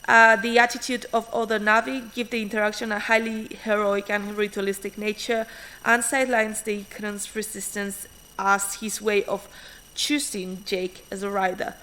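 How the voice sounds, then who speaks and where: Woman, academic paper reading, bright tense voice, rushed, faint background noise. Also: mid-range voice, flat delivery, poor audio. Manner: hurried, frequent restarts and fillers. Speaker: academic conference speaker.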